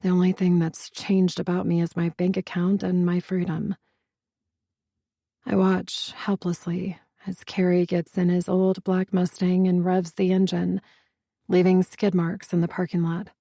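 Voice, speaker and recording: Low, mellow woman narrator for a first-person novel; wry and sardonic, dry close sound. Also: monotone, unhurried, creaky, no echo. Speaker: audiobook narrator.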